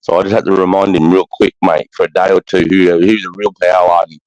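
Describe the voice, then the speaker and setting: A man's voice: deep voice, level tone, brisk, few pauses, a little mellow, no room sound, lo-fi sound. A middle-aged Australian man, a former army sergeant, telling war stories in casual chat, bluntly and with constant swearing. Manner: blunt, heavy swearing, keeps adding "mate".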